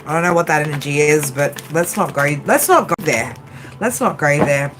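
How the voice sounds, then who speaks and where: A woman's voice: low-pitched, normal speed. A woman doing a casual tarot reading, tired late at night, chatty, swearing freely and tagging her lines with "right?". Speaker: tarot reader. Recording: steady background noise.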